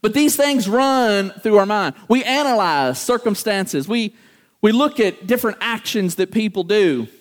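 A man's voice: high voice, measured pace. A man preaching a sermon to a congregation, acting out everyday voices and asking the room questions. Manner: animated, acts out quoted voices, talks to congregation.

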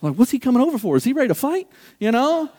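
A man with a very high voice preaches a sermon at a quick pace, animated as he acts out everyday voices and puts questions to the congregation.

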